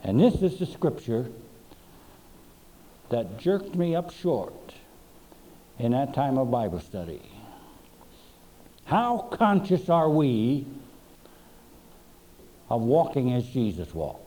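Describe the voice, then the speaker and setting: A man preaching a sermon, reading scripture and stressing words with slow, emphatic pauses. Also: medium pitch, big pitch swings, warm tone, low-quality recording. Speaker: pastor.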